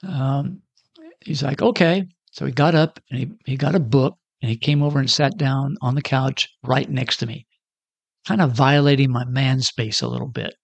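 A man's voice: mid-range voice, steady tone, moderate pace, creaky, dry recording. A man in his sixties telling a personal story in a casual, self-deprecating way and acting out the dialogue. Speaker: storyteller giving a personal testimony.

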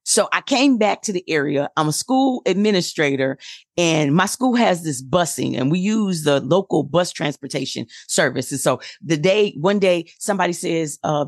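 A woman in her forties telling a personal story in a casual chat, acting out quoted dialogue with lively energy. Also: lowish voice, normal speed, dry recording, clean studio sound.

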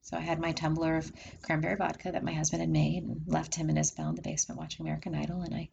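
A woman's voice: low-pitched, steady tone, rapid-fire, creaky, darkish tone, dull audio, a little hiss or hum. A woman telling her own life story as a candid monologue, repeating phrases and asking the listener rhetorical questions. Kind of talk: personal testimony monologue.

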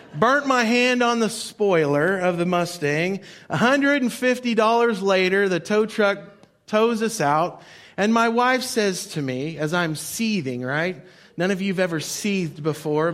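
A man's voice: high voice, lively intonation, unhurried, a bit bright. A male pastor preaching a sermon in a conversational storytelling way, repeating his key points.

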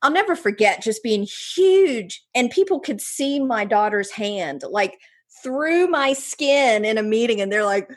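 A woman's voice: a little high, a little slow. Southern nc lady, middle aged, chatty, does little voices for people she quotes. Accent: North Carolina Southern US. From North Carolina, USA. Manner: animated, jumps into voices when quoting people. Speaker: guest. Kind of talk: casual storytelling interview.

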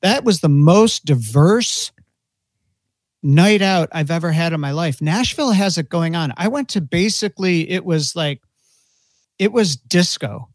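A man's voice: fairly high pitch, lively intonation, measured pace, dry recording, clean studio sound. A man chatting on a podcast as a guest watch writer, rambling with frequent restarts and casual swearing.

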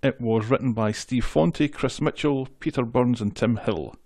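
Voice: medium pitch, normal speed, mellow, dry recording. Dry-sounding co-host reading trivia. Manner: reads trivia notes, jokey, laughs easily. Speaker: podcast co-host. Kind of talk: casual episode recap chat.

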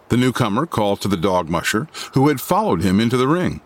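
A man reading a classic novel aloud as an audiobook narrator, expressive and dramatic. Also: fairly low pitch, fast.

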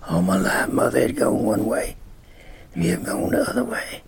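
A man's voice: medium pitch, wildly swooping pitch, moderate pace, gravelly, in a whisper, pitched below the performer's own voice, full character voice. A man voicing a dying teenage girl. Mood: earnest.

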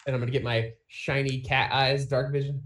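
A man's voice: mid-range voice, little pitch movement, fairly quick, fairly bright tone, roomy sound. Joking man at a tabletop game. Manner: joking, dry. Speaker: player.

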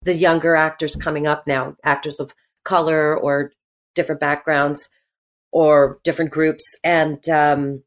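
A middle-aged woman chats as a guest on an interview show, her voice sitting a little low. She talks in animated, rambling bursts, restarting sentences and filling pauses with "you know" and "like". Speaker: actress and podcast guest. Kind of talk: casual interview chat.

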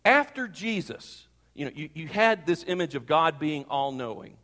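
A man's voice: fairly high pitch, normal speed, fairly bright tone. A man preaching a sermon in a conversational, emphatic way, asking the congregation questions. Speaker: pastor. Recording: long reverb of a large hall.

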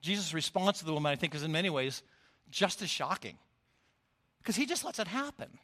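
A middle-aged man giving a sermon as a lay preacher, telling the story in an expressive, animated way. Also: on the high side, a little fast.

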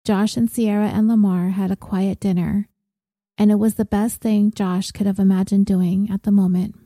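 Mellow-voiced woman narrating a story. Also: mid-range voice, dry recording. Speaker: audiobook narrator. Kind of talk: scripted narration.

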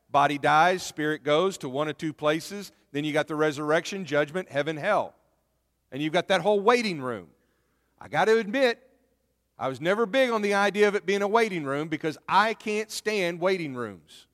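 A man's voice: fairly high pitch, a bit bright. A man preaching a sermon in a conversational way, often repeating words as he speaks. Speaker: pastor. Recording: long reverb of a church hall.

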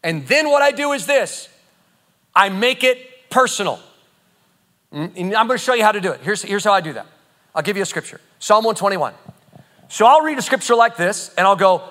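A man preaching a sermon, emphatic and animated, often repeating phrases as he teaches. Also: sits high, brisk. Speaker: pastor.

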